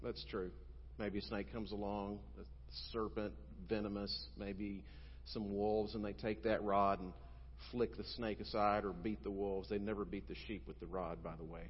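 A male pastor preaching a sermon, telling stories emphatically and moving between loud and quiet. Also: on the low side, flat delivery, moderate pace, a little hiss or hum. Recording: dull sound with long hall reverb.

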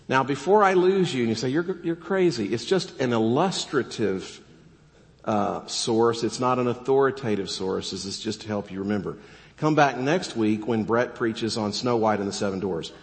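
A man preaching a sermon as pastor, casual and joking, animated as he tells a story. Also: mid-range voice, normal speed. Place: church sanctuary. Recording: long church reverb.

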